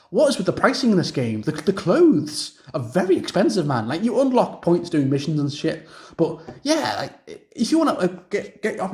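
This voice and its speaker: A man's voice: high voice, a little mellow. A young man rambling through a casual video game review rant, repeating himself and using lots of fillers.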